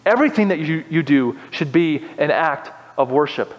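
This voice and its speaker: A young man preaching a sermon as pastor, animated and building to impassioned exhortation. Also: fairly high pitch, moderate pace, in a large hall, highs cut off.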